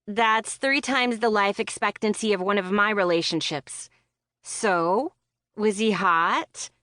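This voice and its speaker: A woman's voice: mid-range voice, slow, pushed and bright, no echo, studio quality. A woman voicing a brash, foul-mouthed young woman who teases her friend with sarcasm, in an audiobook. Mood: mocking. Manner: sarcastic, teasing, crude.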